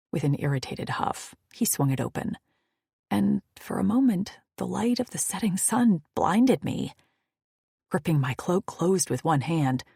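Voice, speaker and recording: A woman reads a first-person romance audiobook in an intimate, breathy hush. Her voice is low and husky, with a gravelly fry. She takes an unhurried pace. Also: dry recording, clean studio sound. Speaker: audiobook narrator.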